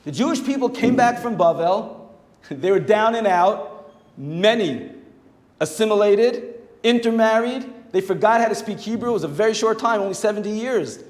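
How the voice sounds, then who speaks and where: Animated man giving a Torah class. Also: high voice, normal speed. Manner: animated, acts out quoted voices. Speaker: rabbi teaching at a yeshiva. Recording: echoey hall with long reverb.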